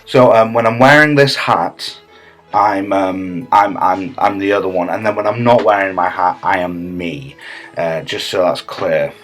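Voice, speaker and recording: A man's voice: low-pitched, a little slow, fairly bright tone, faint music behind. A man delivering a comedy monologue as a smug, self-important improv teacher, rambling with many fillers and restarts.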